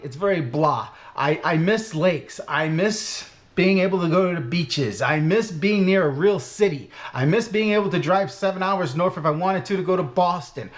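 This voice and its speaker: Middle-aged man, Brooklyn Italian-American accent, frank channel host, high bouncy voice. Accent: Brooklyn Italian-American New York. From Brooklyn, New York. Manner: blunt, self-mocking, swears casually. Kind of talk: casual live-stream chat.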